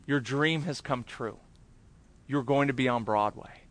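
A man's voice: medium pitch, a little slow, fairly bright tone, pitched below the performer's own voice, close to an everyday voice. A man voicing a persuasive female talent agent who coaxes her client toward an offer. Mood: coaxing. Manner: coaxing, selling an offer.

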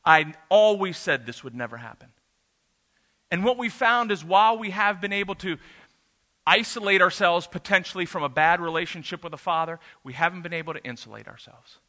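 A man preaches in a church room, sharing a family story with the congregation in a relaxed, anecdotal style and an occasional "uh." He is a pastor whose high voice moves a little fast and carries a sharp tone.

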